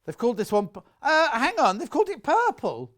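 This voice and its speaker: Chatty, animated male shopping-channel presenter. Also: extremely high pitch, a little fast. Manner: chatty, jokey, teasing the crew.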